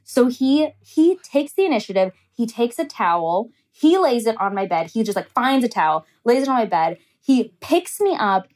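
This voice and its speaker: A young woman with a high voice tells a frank, profane personal story in casual podcast chat. She laughs often as she talks and acts out the other person's lines. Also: expressive, moderate pace, hardly any pauses, a little mellow. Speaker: podcast host telling a story.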